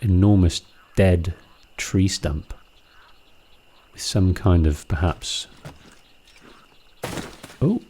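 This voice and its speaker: A man's voice: low-pitched, extremely slow, long pauses, warm tone, slightly rough. A man hosting a let's play, chatting casually and musing aloud about what he sees in a game. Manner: musing, chatty, with fillers and restarts. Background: game music.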